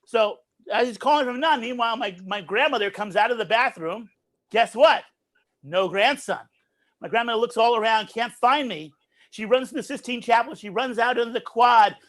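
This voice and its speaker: A man's voice: extremely high pitch, moderate pace, fairly bright tone. A man doing a comedy routine over a video call, telling a long story, acting out voices and laughing at his own jokes.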